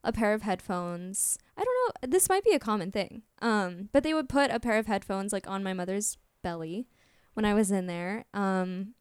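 Young woman, interview guest, bubbly and giggly, smooth clear voice, dry close sound. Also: mid-range voice, moderate pace, darkish tone, no echo. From Orlando, Florida, US. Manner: bubbly, laughs often, fills speech with "like". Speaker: guest, singer and actress. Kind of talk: casual interview chat.

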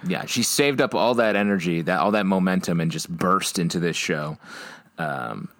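A man co-hosting a podcast, recapping an episode in casual chat, animated and teasing. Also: low-pitched, normal speed, no echo. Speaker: podcast co-host.

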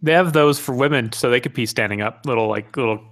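A man's voice: mid-range voice, fast, fairly bright tone. A man co-hosting a podcast, teasing and wisecracking in casual chat. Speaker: podcast co-host.

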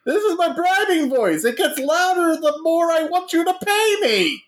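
A shrill, wheedling voice that begs for money, pitched far above its speaker's normal register as a man puts it on. It is comic and pleading, and it squeaks up high. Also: sing-song, normal speed. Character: man's shrill wheedling bribing voice.

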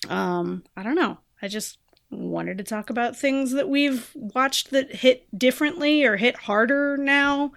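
Gravelly-voiced woman chatting casually. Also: high-pitched, measured pace, fairly bright tone, no room sound, clean studio sound. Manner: rambling, many fillers and trailing-off phrases. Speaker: podcast co-host. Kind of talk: casual podcast chat.

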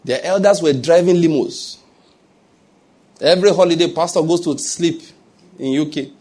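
A man's voice: on the high side, normal speed, darkish tone. A man preaching a sermon, chatty and humorous, building up to emphatic points. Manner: conversational preaching, humorous asides, rising to emphatic. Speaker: pastor.

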